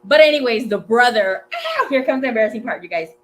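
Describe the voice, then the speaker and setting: A woman in her twenties hosting a tarot livestream, telling a story in a chatty, animated way, swearing freely and mixing in Spanish words. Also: on the high side, quick pace, a little hiss or hum. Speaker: tarot reader and livestream host. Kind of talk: casual storytelling chat.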